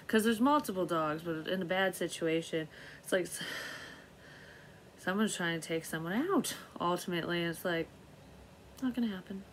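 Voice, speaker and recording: A woman's voice: lowish voice, moderate pace, pauses often, slight background noise. Rambling, profane woman reading tarot. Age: middle-aged. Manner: profane, rambling, laughs at herself. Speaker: tarot reader. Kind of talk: casual intuitive reading.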